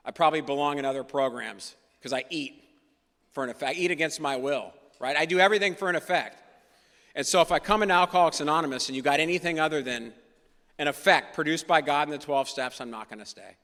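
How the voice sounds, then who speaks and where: A man speaking to a meeting in an earnest, emphatic way, circling back to the same phrases for weight. His voice is gravelly and bright-edged, and it rings out with the long reverb of a meeting hall. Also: mid-range voice. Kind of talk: personal recovery story told to a meeting.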